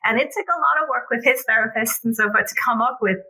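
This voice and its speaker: Middle-aged female guest coach; bright, lively delivery, acts out dialogue. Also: a little high, fast, low-quality recording. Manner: animated storyteller acting out family dialogue. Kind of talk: casual interview chat.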